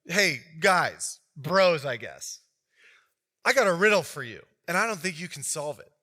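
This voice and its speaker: A man's voice: fairly high pitch, big pitch swings, a little slow, sharp tone, exaggerated voice. A man doing a cocky young strongman. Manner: brash, boastful. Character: cocky young male strongman boasting to groomsmen.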